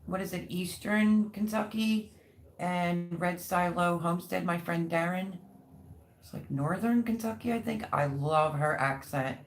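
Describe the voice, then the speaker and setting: A woman hosting a casual livestream, chatting and reading viewer comments aloud with warm, gushing thanks. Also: fairly low pitch, fairly even intonation, moderate pace, a little hiss or hum. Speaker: livestream host.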